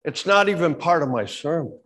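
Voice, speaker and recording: A middle-aged male pastor preaching a sermon with fervor, dropping low and then shouting. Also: animated, a little fast. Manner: fervent preaching that swings from quiet to shouting.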